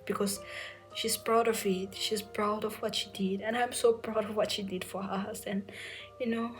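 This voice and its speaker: A young woman recounts a personal story in a soft, hushed voice that keeps slipping toward a whisper. Her pitch stays level and narrow as she speaks through tears, full of "you know" and "like". Light music plays underneath. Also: steady tone, normal speed. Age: young adult. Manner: soft-spoken, often near a whisper, many fillers. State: tearful, emotional. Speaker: medical entrance exam aspirant sharing her story.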